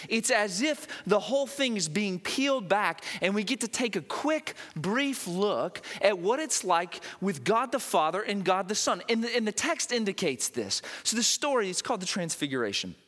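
Animated man preaching in a reverberant hall. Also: sits high. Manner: animated, repeats words while building emphasis. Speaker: pastor. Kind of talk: sermon. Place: church.

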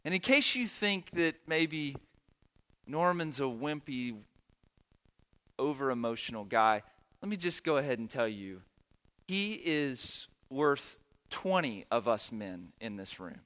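A man's voice: medium pitch, sing-song, takes it slowly, fairly bright tone. A middle-aged man, a pastor telling a story in a sermon in an earnest, emotional way, repeating phrases for emphasis.

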